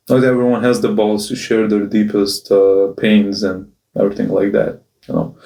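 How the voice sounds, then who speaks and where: A man's voice: on the low side, vocal fry, darkish tone. A man speaking in a confessional video diary, raw and emotional, swearing often and restarting his sentences. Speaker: video journal host. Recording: roomy echo, mic at a distance.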